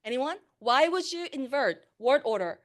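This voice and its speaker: Woman, language teacher giving a conference talk, slightly high voice, chatty with lots of ums and restarts. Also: expressive, normal speed. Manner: conversational, with fillers and self-corrections. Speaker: Korean language instructor. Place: conference room.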